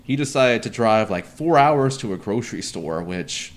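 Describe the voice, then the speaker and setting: A man's voice: fairly low pitch, animated, moderate pace. A man hosting a casual podcast, talking in a profane, sarcastic, rambling way. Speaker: podcast host.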